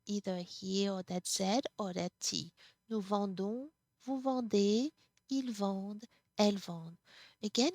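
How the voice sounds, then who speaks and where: A woman teaching a language class, explaining slowly and patiently, sometimes restarting words. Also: medium pitch, dry recording, studio quality. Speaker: French teacher. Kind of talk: classroom lesson.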